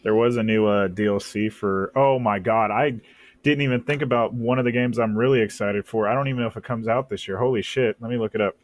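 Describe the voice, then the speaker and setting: Low-voiced rambling podcast guy. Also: fairly even intonation, fast talker. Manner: rambling, enthusiastic, hesitant with fillers. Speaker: podcast co-host. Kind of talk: casual chat.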